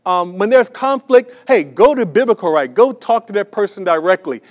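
A man's voice: high voice, animated, moderate pace. A man preaching a sermon as a pastor, emphatic and repetitive, with many restarts and fillers, asking the congregation rhetorical questions.

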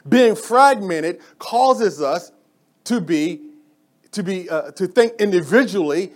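A man preaching a sermon in church as pastor, energetic and excitable, calling out to the congregation for responses. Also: sits high, slow.

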